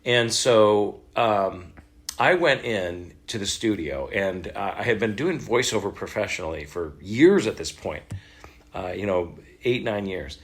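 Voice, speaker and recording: A middle-aged man, a voice actor, telling a story in a casual interview, animated and laughing as he acts out what others said. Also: fairly low pitch, measured pace. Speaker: voice actor guest.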